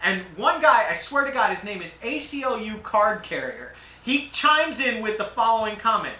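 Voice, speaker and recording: A woman co-hosting a political talk radio show who mocks quickly and laughs often. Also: on the high side, sing-song, bright, forceful tone, roomy sound, distant mic. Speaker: radio co-host.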